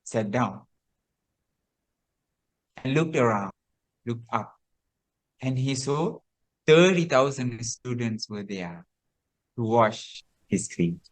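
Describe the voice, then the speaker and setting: A man, a Buddhist monk, telling a teaching story in a sermon, slow and repetitive with hesitant restarts. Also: mid-range voice, animated.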